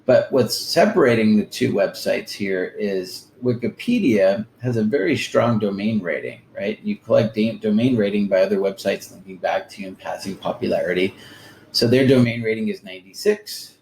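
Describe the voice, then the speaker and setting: A man giving a casual screen-share marketing lesson, often ending sentences with "right?" and pausing on "um". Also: lowish voice, lively intonation, gravelly, darkish tone, echoey room, slight background noise, rough recording. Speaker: digital marketing presenter.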